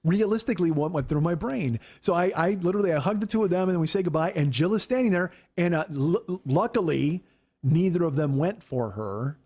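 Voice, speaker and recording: A man in his forties hosting a podcast, telling a story in casual chat, profane, animated and self-mocking. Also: fairly high pitch, fairly quick, husky. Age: 40s. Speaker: podcast host.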